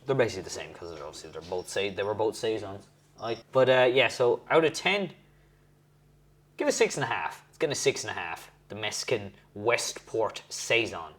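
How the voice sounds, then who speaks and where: A man's voice: fairly low pitch, sing-song, normal speed. A young man chatting casually at home as he tastes and rates beers, rambling and correcting himself. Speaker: host reviewing beers. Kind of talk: casual beer-tasting vlog.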